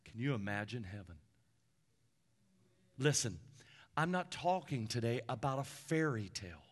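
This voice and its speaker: A man preaching a sermon from the pulpit as a pastor, with emphatic repeated lists that swing between loud peaks and hushed drops. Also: mid-range voice, sing-song, measured pace.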